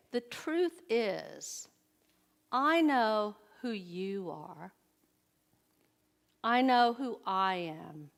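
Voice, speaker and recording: A woman's voice: medium pitch, creaky. A middle-aged woman giving a conversational sermon at a church service, often putting questions to the audience. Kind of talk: inspirational sermon.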